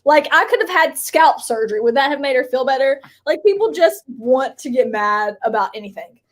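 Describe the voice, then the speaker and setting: A woman's voice: high-pitched, animated, a little fast. A woman from Kentucky co-hosting a live stream, chatting casually in a rambling way with lots of filler words.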